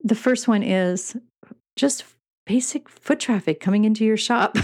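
A woman's voice: mid-range voice, moderate pace, darkish tone. A middle-aged woman hosting a podcast, talking in a chatty, earnest way about running a shop, with many fillers and frequent laughs. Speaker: podcast host and retail business coach. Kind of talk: casual podcast monologue.

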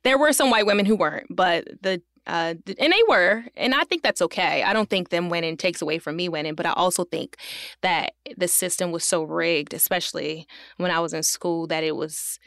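A woman's voice: on the low side, a little fast, creaky, a bit bright, no echo, clean studio sound. A woman actress with a country urban Southern US accent, telling stories in a casual conversation and laughing often. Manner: candid, storytelling, laughs often.

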